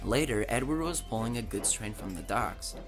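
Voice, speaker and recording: A man narrating a train storybook with an expressive, dramatic delivery. His pitch rises and falls in a lively way, and faint music plays underneath. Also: normal speed.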